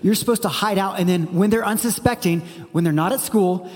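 A man's voice: high-pitched, a little fast, a little mellow, in a large hall. A man in his forties, a pastor giving a conversational sermon full of rhetorical questions.

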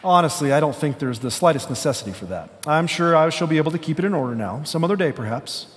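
A man's voice: lively intonation, fast talker, lightly acted. A man voicing a frightened, whining male ghost, pushing his voice up in panic, in a long-echoing hall. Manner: whining, panicky, pitch raised.

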